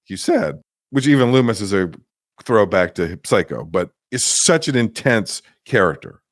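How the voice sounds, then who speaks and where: A man chatting casually about a film, animated and swearing, often acting out scenes in mock voices. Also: lowish voice, normal speed, dry recording, studio quality. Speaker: podcast co-host. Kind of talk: casual film review chat.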